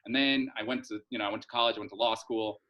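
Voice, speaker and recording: A man's voice: fairly low pitch, steady tone, rapid-fire, muffled recording. A middle-aged man, a soap opera writer, chatting through a rambling story in a casual interview, full of fillers and restarts.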